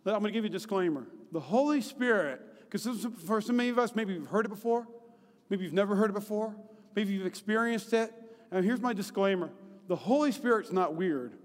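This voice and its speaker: A high-pitched male pastor in his thirties, preaching with lively, chatty energy and often asking the crowd for agreement. His voice rings out with a long reverb from a big church hall. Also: a little fast. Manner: lively and conversational, often asking the congregation "right?". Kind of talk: sermon.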